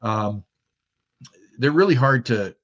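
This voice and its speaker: A man's voice: medium pitch, animated, slow, a bit bright. A middle-aged man from Germany with no accent, a guest in a casual interview, talking in an easygoing, chatty way and laughing easily. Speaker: guest, outdoors expert.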